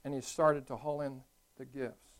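A man preaching a sermon who tells stories in a conversational way, moving from hushed asides to loud, animated bursts. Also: medium pitch, moderate pace, rough recording. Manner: conversational storytelling. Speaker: pastor.

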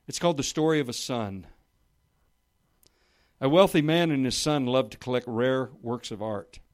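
Guy preaching a sermon, reads a story out loud, gets loud on quotes then low and soft, mid-range voice. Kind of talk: sermon with a read-aloud story. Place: church or meeting room with listeners.

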